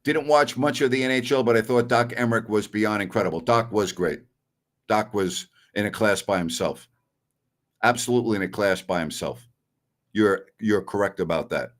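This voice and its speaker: A man's voice: on the low side, normal speed. A middle-aged man hosting a sports talk stream, answering viewer messages bluntly and with strong opinions. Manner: blunt and opinionated, scoffs at callers.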